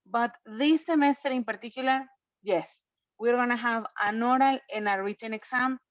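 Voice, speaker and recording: A woman's voice: fairly high pitch, normal speed, no echo. Chatty woman teaching an online class. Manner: chatty, repeats points, checks in with "okay?". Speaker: English teacher. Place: home. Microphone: computer mic on video call. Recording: dull, lo-fi video call audio.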